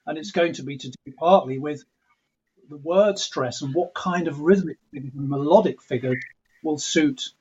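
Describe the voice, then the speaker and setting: This middle-aged English composer, from England, answers interview questions thoughtfully, frequently restarting sentences and playfully imitating accents. His voice is fairly high, moderately paced, slightly mellow with a breathy edge, captured on dull lo-fi audio.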